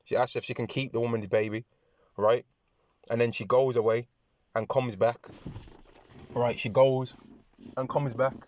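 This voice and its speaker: A man preaching and reading scripture aloud, talking in repetitive, halting phrases with many restarts, often tagging lines with "man" and "right". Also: mid-range voice, level tone, a little mellow. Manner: addresses listeners with "man" and "right". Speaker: religious speaker.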